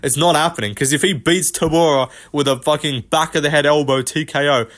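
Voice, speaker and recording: A young man hosting a fight commentary video, ranting fast and brashly with plenty of swearing and slang. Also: a little high, fairly even intonation, fairly bright tone. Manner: profane, rapid, brash slang-heavy ranting. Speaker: host. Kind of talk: MMA commentary rant.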